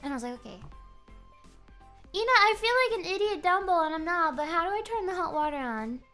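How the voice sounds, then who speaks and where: A woman streamer chatting casually in a joking, rambling, animated way. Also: extremely high pitch, brisk, soft background music. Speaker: VTuber streamer.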